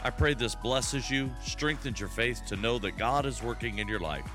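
A man introducing his church podcast as its pastor, welcoming listeners in a steady, scripted way. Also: medium pitch, moderate pace. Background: music.

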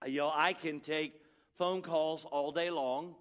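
Middle-aged man, pastor, slightly raised pitch, emphatic sermon with hushed drops. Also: steady tone, unhurried. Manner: emphatic preaching with repeated refrains, dropping to soft, quiet endings.

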